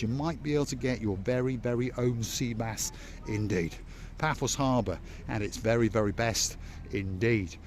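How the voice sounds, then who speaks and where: A man's voice: medium pitch, darkish tone, a little hiss or hum. A man hosting a walking-tour vlog outdoors at a seaside harbour, chatting playfully and teasing his viewers. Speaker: vlog host.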